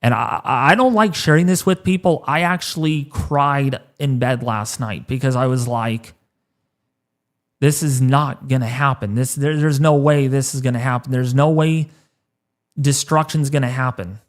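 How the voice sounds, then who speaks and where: A man in his thirties hosting a weather livestream, choked up and halting, repeating words as he talks. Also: mid-range voice. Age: 30s. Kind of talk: emotional livestream talk.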